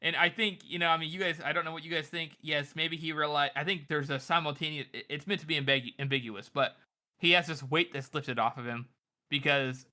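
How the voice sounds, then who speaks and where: A man's voice: a little high, fairly even intonation, brisk, pushed and bright. A man co-hosting a book podcast, thinking aloud reflectively and hedging his views. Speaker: podcast co-host. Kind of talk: casual book discussion.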